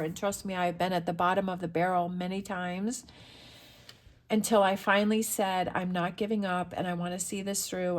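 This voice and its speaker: A woman reads tarot to her viewers in an earnest, motivational way. She is middle-aged and talks straight to camera. She urges her listeners on and repeats her key phrases for emphasis. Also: on the low side. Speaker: tarot reader. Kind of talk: encouraging tarot reading to camera.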